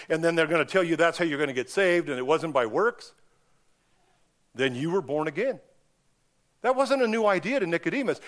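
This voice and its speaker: A man with a notably high voice leads a Bible study, walking his class through scripture one verse at a time. He talks in a relaxed, conversational way and keeps throwing questions back at the group. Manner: conversational, asks many rhetorical questions; reads and explains scripture verse by verse.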